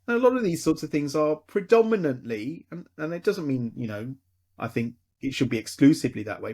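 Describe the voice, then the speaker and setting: A man co-hosts a casual podcast, often hesitating and leaning on fillers. His voice is mid-pitched and plain. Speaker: podcast co-host.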